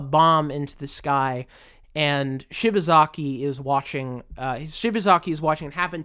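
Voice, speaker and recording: A man's voice: on the high side, clear, resonant tone. Earnest man telling a story. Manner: earnest, emotional; animated storytelling. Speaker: commentator. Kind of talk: casual spoken essay.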